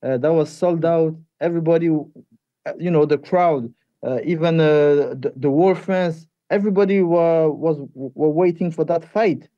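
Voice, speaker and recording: Fighter man, mellow voice, halting. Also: fairly high pitch, no room sound, muffled recording. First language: French. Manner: halting, repeats words, animated when retelling. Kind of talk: interview answers.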